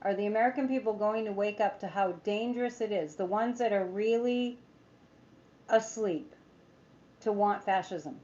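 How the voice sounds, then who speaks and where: A woman's voice: mid-range voice, normal speed, darkish tone, lo-fi sound. A woman psychic chatting casually on a livestream, rambling, reading viewer comments aloud and making sarcastic asides. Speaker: psychic tarot reader.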